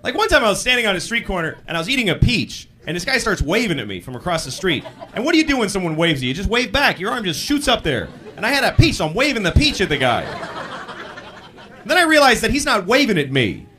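Animated stand-up comedian, high lively voice. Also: male voice, quick pace, a little hiss or hum. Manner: animated storytelling, bursts into loud yells for punchlines. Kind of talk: stand-up set. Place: comedy club stage with audience. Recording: live club recording with audience laughter. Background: audience laughter.

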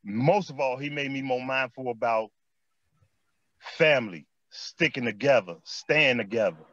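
At a measured pace and medium pitch, a Chicago-accented man who used to play basketball tells animated street stories in an interview chat, repeating himself and dropping "man" often. There's no room sound, and the audio is lo-fi.

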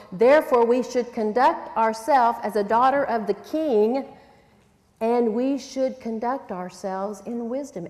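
A woman's voice: fairly high pitch, a little mellow. Earnest woman preaching in a reverberant hall. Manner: earnest, emphatic, rhetorical questions. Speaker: women's conference speaker. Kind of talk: sermon teaching. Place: large church hall.

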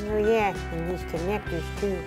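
A woman voicing a cheerful young gummy gator pirate in a kids' pretend-play video, full of excited whoas and squeals. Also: mid-range voice, normal speed, natural voice. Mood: busy. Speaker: show's title character. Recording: music playing behind.

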